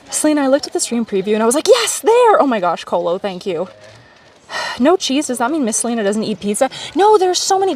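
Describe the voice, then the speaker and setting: A woman's voice: a little high, recorded from a distance. Chatty woman streaming outdoors. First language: Polish. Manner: chatty, animated, talking to chat while hiking. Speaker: livestreamer. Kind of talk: casual live stream chat. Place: outdoors on a lakeside trail.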